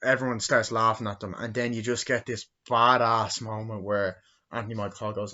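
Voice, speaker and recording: A young man in his twenties giving a rambling, profane movie review, acting out quotes in silly high voices. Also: steady tone, a little fast, fairly bright tone, dull audio. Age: 20s.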